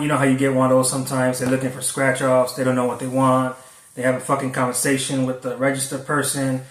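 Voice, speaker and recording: Speaking well away from the mic in an echoey space, a man with a mid-range, fairly bright voice shares a story for a casual vlog. He's a food delivery driver in Florida, and his telling is conversational, meandering, and full of swearing.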